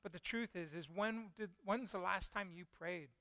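A male pastor preaching a sermon and retelling a scripture story with lively storytelling. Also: sits high, normal speed, no echo. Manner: lively storytelling, voicing God and Jonah in quotes.

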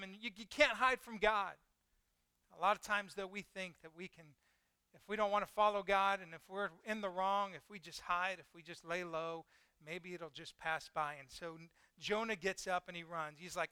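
A man preaches a conversational sermon, putting questions to the congregation and acting out the quoted voices in the story. His voice sits high, with a steady, sharp, smooth tone at normal speed, and the recording is dry.

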